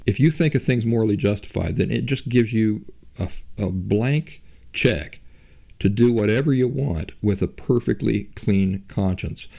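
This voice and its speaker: A low-pitched man with a gravelly edge and a mellow, dark tone. He hosts a podcast and makes his case in a loose, rambling monologue, full of rhetorical questions. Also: measured pace. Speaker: podcast host. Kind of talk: casual monologue.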